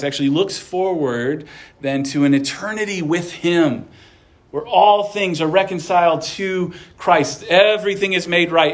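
A man's voice: sits high, fairly bright tone. A male pastor preaching an earnest sermon, with light asides of humor.

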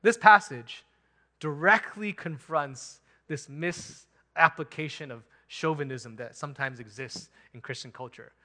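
A man preaching a sermon as pastor, animated and emphatic, chuckling now and then. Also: fairly high pitch, unhurried.

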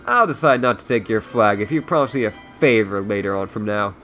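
A man voicing an arrogant young villain who talks in a slow, brash, theatrical way. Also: lowish voice, lively intonation, bright, forceful tone, soft background music.

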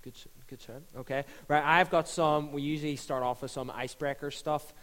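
A man's voice: a little high, fairly even intonation, brisk, a bit bright. A man hosting a church panel, jokey and upbeat. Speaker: host. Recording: long reverb of a hall.

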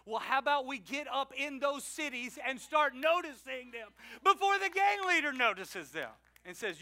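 A pastor delivers his sermon in a high, keen voice with a bright, cutting edge. He swings from loud, driving emphasis to near-whispered asides, slipping into other voices to act out the people he quotes. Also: sing-song, moderate pace.

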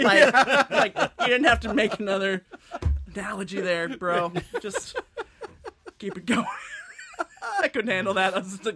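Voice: medium pitch, sing-song, normal speed, crowd noise. A podcast co-host joking through a movie recap, often laughing. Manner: jokey, laughs often, mock-quotes characters. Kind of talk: casual comedic movie recap.

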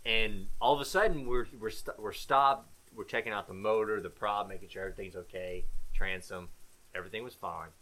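A man in casual chat, excitable and laughing through his story. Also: on the low side, brisk, poor audio.

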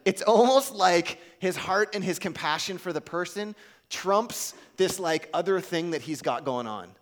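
A man's voice: sits high, animated, unhurried. A man preaching a sermon in a casual, conversational way, acting out the quotes he tells. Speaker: pastor.

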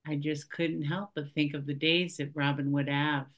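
A woman's voice: deep voice, flat delivery, moderate pace. A woman in her fifties co-hosting a podcast in casual, playful chat, with frequent laughs. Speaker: podcast co-host.

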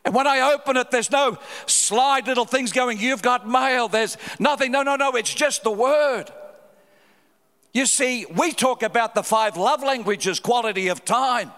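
A middle-aged man preaching a sermon with fervour, swinging between loud cries and low, quiet stretches. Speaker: pastor. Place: large church hall. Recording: live hall reverb.

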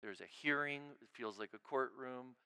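A male pastor giving an informal, conversational sermon. He often checks in with his listeners by asking "right?", restarts his phrases, and moves from emphatic, raised lines to quiet, hushed ones. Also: medium pitch, normal speed, smooth. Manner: informal preaching, frequent "right?" check-ins and repeated restarts; swings between emphatic raised lines and hushed near-murmurs.

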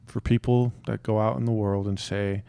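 A young man co-hosting a podcast with his wife, joking and sharing his opinions in a relaxed, drawn-out way. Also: lowish voice, creaky, clean tone, dry recording. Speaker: podcast co-host. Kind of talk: casual chat.

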